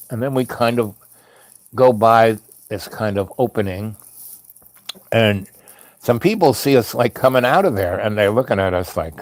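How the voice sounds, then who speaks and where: A man's voice: on the low side, expressive, normal speed, pauses often, no echo. A man telling a rambling personal anecdote in a chatty way, full of asides. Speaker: storyteller. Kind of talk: casual spoken anecdote.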